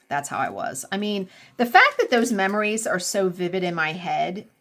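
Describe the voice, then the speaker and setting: Woman, 40s, crafting vlogger, unhurried pace, candid rambling chat, swears freely. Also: medium pitch, a bit bright. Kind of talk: casual storytelling chat while crafting.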